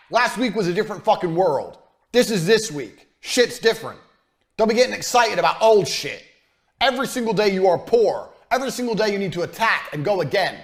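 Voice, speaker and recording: A man giving a blunt, profane business lesson as a coach, mocking and forceful in his delivery. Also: a little high, lively intonation, fast talker.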